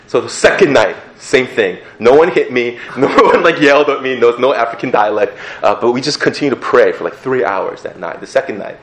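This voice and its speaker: Animated man telling his faith story. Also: mid-range voice, brisk, few pauses, reverberant, slight background noise. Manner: animated storyteller, laughs, drops to a hushed voice for prayers. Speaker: speaker giving a testimony. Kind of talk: personal testimony talk.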